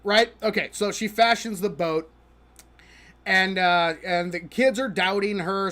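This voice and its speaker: Bright, forceful, and high-pitched, this male streamer talks through a show he didn't like as he games. His tone is mocking and exasperated, broken up by frequent laughter and by halting speech full of stumbles and restarts.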